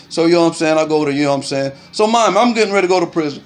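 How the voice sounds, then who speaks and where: A middle-aged man telling a street story to camera in animated, profane casual talk, filling it with "you know what I'm saying" and punching sounds. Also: a little high, very fast, few pauses. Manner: makes punching sounds aloud.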